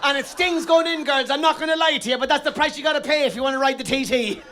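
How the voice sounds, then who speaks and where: Irish guy doing stand-up, very high voice, loud rowdy bawdy storytelling, yells the punchlines. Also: fast, noisy background. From Ireland. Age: middle-aged. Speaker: stand-up comedian. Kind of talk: stand-up comedy routine. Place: theatre stage.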